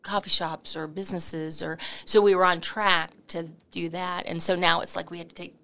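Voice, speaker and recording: Middle-aged woman, interview guest; bright, slightly gravelly, lower-pitched, lively chatty storytelling. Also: normal speed. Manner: animated, laughing storyteller with many fillers. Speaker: coffee company founder, interview guest.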